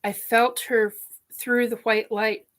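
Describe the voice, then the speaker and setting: A woman speaks slowly to her camera from her living room, telling a deeply personal story. She is crying as she talks, stopping and restarting, sniffing and apologizing between phrases. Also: level tone. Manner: tearful, halting, with restarts and sniffs. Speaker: vlogger.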